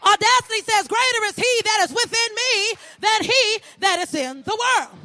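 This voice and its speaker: A woman preaching an impassioned sermon, building repeated lines into ringing shouts. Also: very high voice, animated, normal speed. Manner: rhythmic repetition, building to shouts.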